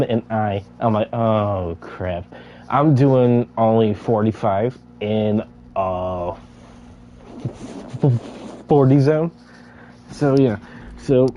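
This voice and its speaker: A man's voice: mid-range voice, a little mellow, lo-fi sound, a little hiss or hum. A young man casually telling a story while gaming, stuttering and repeating sounds, laughing as he goes.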